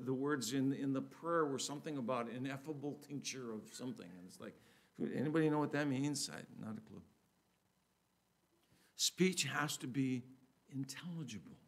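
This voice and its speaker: A man preaching a sermon in a conversational way, restarting his sentences often and getting louder and higher when he reads scripture aloud. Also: normal speed. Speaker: pastor.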